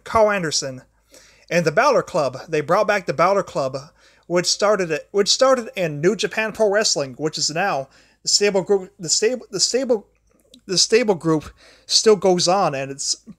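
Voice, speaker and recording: Man, young, high-pitched voice, rambling livestream host, stumbles and repeats words. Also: a bit bright, no room sound, studio quality. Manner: grumbles at a failing charger mid-talk. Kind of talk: rambling solo livestream talk.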